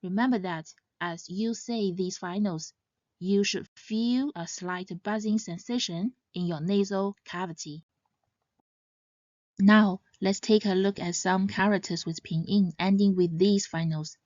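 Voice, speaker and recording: A woman teaching Mandarin pronunciation in scripted narration, saying each example syllable louder and higher. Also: fairly even intonation, measured pace, no echo. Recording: slightly dull, dry sound.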